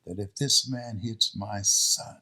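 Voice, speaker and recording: A man's voice: fairly low pitch, steady tone, slow, bright, forceful tone. An older man, a guest and motivational speaker, telling personal stories in a dramatic way and acting out the voices of the people in them. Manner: dramatic, acts out quoted voices. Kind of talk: emotional personal storytelling.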